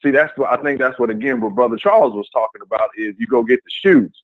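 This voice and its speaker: A man's voice: medium pitch, fast, no echo, narrow, tinny audio. A man with a mid-range voice makes blunt, emphatic points in a casual discussion. His voice comes through dry and thin, like over a phone. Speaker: discussion participant.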